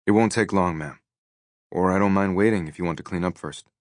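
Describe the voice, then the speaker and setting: A man narrating an audiobook plays a tall, quiet, intense detective with a deep, smooth voice, calm and polite. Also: a little fast, no echo, studio quality, close to an everyday voice. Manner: calm, polite, few words.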